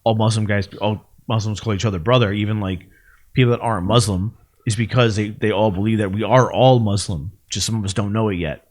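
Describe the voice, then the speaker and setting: A man's voice: on the low side, fairly even intonation, brisk. A man co-hosting a podcast in casual chat, rambling with many fillers and laughing easily. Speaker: podcast co-host.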